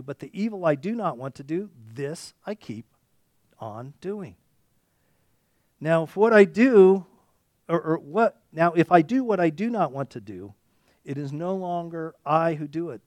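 A male preacher delivers a sermon in a fairly high voice, recorded dry and close. He reads scripture aloud, then talks to his congregation directly. His delivery swells into loud, impassioned cries and sinks to hushed, almost whispered lines. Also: dry recording.

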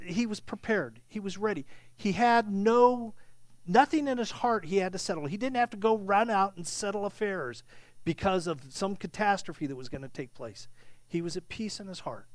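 A man's voice: high voice, no echo. A male pastor, preaching a sermon in a conversational, storytelling way with emphatic questions.

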